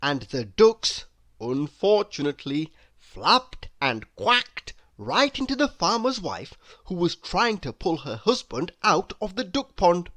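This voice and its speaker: A man reading a children's storybook aloud in a slow, very expressive, sing-song way. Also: sits high. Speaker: storybook reader.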